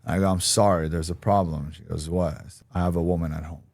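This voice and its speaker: A man's voice: low-pitched, steady tone, fast, vocal fry, a little mellow, no echo. A man giving an interview, telling a personal story bluntly and acting out the voices of people he quotes. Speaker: interview guest.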